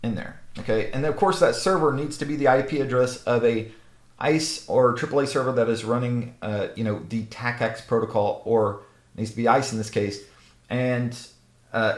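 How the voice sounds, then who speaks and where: Casual man teaching in an echoey room. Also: medium pitch. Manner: casual, with frequent "okay?" and "right?" checks. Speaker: network instructor. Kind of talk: screen-recorded technical tutorial.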